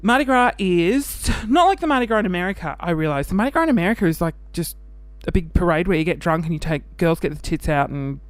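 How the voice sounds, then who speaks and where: Hosting his own show, an Australian man talks casually in a high-pitched voice with no room sound. His manner is chatty and animated, camp, laughing, broken up by rapid mock voices.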